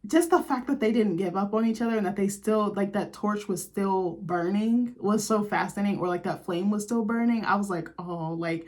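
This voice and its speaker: A woman's voice: mid-range voice, a little fast, few pauses, a little mellow. A young woman vlogger, chatting in a gushing, chatty way and full of "like". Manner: gushing, chatty, lots of "like", laughs. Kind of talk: casual chat to camera.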